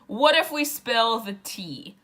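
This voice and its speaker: A woman's voice: on the high side, sing-song, takes it slowly, a bit bright, heavily acted. A woman voicing eager young male twins pleading with a girl.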